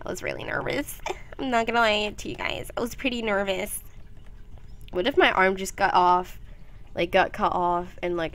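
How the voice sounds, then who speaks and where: A teenage girl chatting her way through a game in a loose, rambling commentary. She giggles often and breaks into silly, high-pitched voices on a whim, staying playful throughout. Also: a bit bright. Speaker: gameplay commentator. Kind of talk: casual gameplay commentary.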